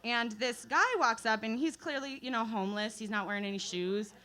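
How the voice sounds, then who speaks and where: A woman's voice: on the high side, fairly even intonation, brisk, sharp tone. A young woman doing a self-deprecating stand-up comedy set at an open mic, telling stories full of fillers and laughs. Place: open mic night at a bar.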